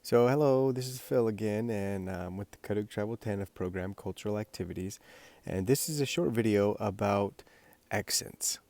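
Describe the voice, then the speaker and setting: Guy with a really low voice going through a lesson slow and patient, step by step. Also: warm tone. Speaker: language teacher. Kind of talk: instructional explanation.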